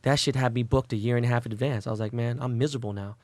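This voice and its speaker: A middle-aged man telling unfiltered stories as an interview guest, profane and animated, and he acts out quotes in a raised voice. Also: mid-range voice, very fast, no room sound. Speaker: guest, celebrity jeweler.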